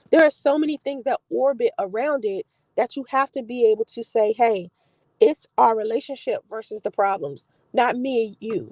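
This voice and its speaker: A young adult woman vlogger giving blunt, profane relationship talk in an animated storytelling way. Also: a little high, no room sound, rough recording. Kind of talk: casual live-stream talk.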